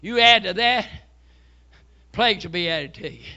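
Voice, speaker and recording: A man, preaching a fervent sermon and often shouting hallelujah. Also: high voice, normal speed, muffled recording. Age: 70s. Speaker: pastor.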